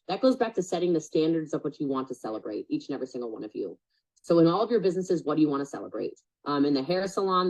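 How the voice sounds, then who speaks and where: On a casual coaching call, a woman guides a group in a blunt, talkative manner, dropping lots of fillers along the way. She has a low-pitched, slightly mellow voice, heard through muffled, lo-fi video-call audio.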